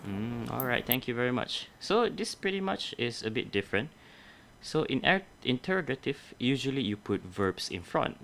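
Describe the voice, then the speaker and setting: A man's voice: mid-range voice, big pitch swings, normal speed, vocal fry, fairly bright tone, slight background noise. A young adult man teaching a grammar lesson, explaining methodically step by step and correcting himself along the way.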